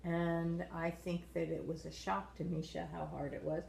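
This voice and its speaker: Woman leading a dance-show chat, calm and agreeable, lowish voice, echoey room. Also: creaky. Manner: measured, steers the talk, agreeable. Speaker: co-host reviewing a dance show. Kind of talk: casual chat review.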